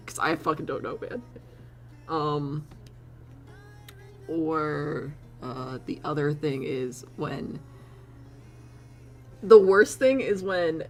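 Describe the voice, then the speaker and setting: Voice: medium pitch, sharp tone. A streamer chatting casually to their chat, rambling with frequent laughs and casual swearing.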